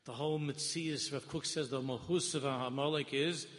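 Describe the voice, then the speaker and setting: Male rabbi preaching a Torah class with passion, dropping to quiet intensity, Hebrew terms throughout, recorded with long reverb. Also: medium pitch, normal speed, hardly any pauses. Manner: impassioned, rising to loud emphasis then dropping to hushed tones; mixes Hebrew and Yiddish terms into English. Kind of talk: sermon-style Torah lecture.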